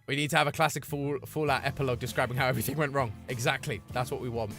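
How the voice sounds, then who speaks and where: A man chatting casually with his live-stream chat, playful and full of quick asides. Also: medium pitch, fairly even intonation, a bit bright, soft background music.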